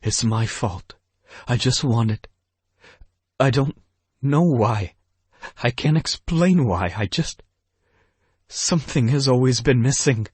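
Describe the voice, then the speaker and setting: A man's voice: mid-range voice, expressive, slow, long pauses, slightly rough, no room sound, pitched above the performer's own voice. A man narrating an audiobook, voicing a guilt-ridden young woman who is crying and pleading. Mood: sobbing. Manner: broken, pleading. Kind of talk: audiobook character voice.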